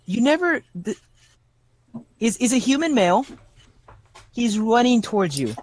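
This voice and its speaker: High-voiced young man running a tabletop game. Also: very animated. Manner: halting, many restarts and fillers. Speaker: game master.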